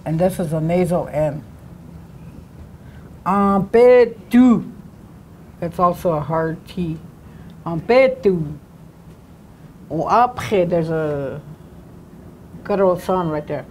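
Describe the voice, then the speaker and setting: A woman teaching a language class, sounding out words slowly syllable by syllable. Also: low voice, mellow, slight background noise. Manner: slow, drawn-out syllable-by-syllable pronunciation.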